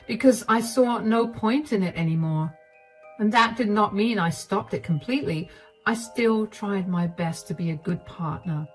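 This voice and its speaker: A woman reading a scripted first-person story in a subdued, low-key voice, with faint music behind. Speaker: narrator.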